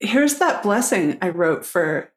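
A woman's voice: medium pitch, very animated, slow pace, reverberant. A woman pastor speaking as a guest, frank and reflective in a candid conversation, with the odd blunt swear word.

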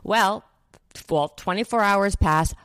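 A Canadian woman in her forties telling an animated personal story as an interview guest, full of fillers and acted-out quotes. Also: mid-range voice, a little slow, clean tone, no echo.

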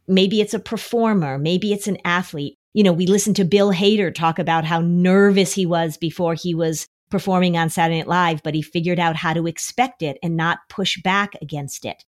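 A woman's voice: fairly low pitch, fairly even intonation, moderate pace, few pauses. A woman explaining an approach to anxiety on a podcast in a conversational way, often acting out worried voices as quotes. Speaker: anxiety expert.

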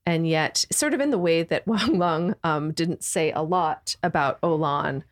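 A woman guest in a casual book chat, thoughtful and hesitant, pausing to find her words. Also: low-pitched.

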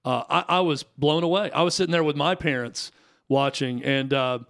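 A man in his thirties co-hosting a talk radio show. His voice sits a little on the high side, and he tells stories in a loose, chatty way with plenty of restarts and fillers. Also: fairly even intonation, normal speed, a bit bright. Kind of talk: casual sports radio chat.

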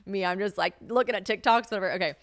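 A woman's voice: fast, no echo, studio quality. A young woman hosting a casual solo podcast, chatty and swearing freely, often acting out what others said. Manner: chatty, swearing, laughs, acts out quotes in a high voice. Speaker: podcast host.

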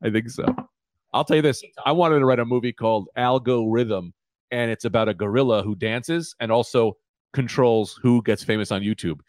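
A man's voice: mid-range voice, moderate pace, darkish tone, no echo, studio quality. A young man co-hosting a casual comedy chat, jumping in with playful jokes.

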